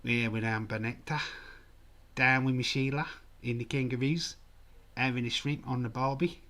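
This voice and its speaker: A man's voice: mid-range voice, steady tone, moderate pace, sharp tone, pitched above the performer's own voice, natural voice. Jokey Australian bloke caricature, put on by a man, broad, raised voice. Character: stereotyped cheerful Australian bloke.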